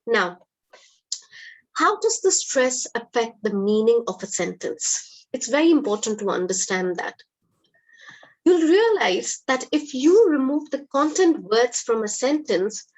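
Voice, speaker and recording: A slightly high, very animated woman teaches English online live, speaking a little slowly. The recording quality is low, but her classroom manner stays patient and encouraging.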